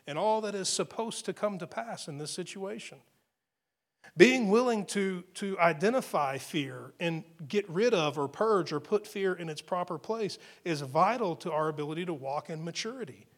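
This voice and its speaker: A man's voice: high-pitched, a bit bright. A man preaching a sermon in a conversational way, often restarting phrases and asking rhetorical questions. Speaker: pastor.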